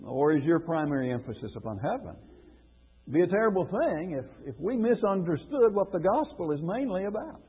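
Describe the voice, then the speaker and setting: Gravelly preacher on a tinny radio broadcast. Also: male voice, high-pitched, very animated, brisk. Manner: earnest, questioning, repeats phrases for stress. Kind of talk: radio sermon lesson. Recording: phone-like radio broadcast with long reverb.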